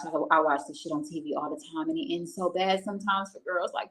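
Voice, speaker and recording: Blunt, low-voiced woman telling her story. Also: steady tone, fast talker, few pauses, pushed and bright, poor audio. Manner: candid and emotional, swears freely, slips into quoting herself. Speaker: streamer recounting a personal experience. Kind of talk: casual chat with viewers. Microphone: home streaming setup.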